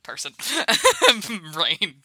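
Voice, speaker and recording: A woman's voice: deep voice, big pitch swings, very slow, sharp tone, no echo. A woman playing a tabletop game in character, giggly and hesitant. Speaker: player.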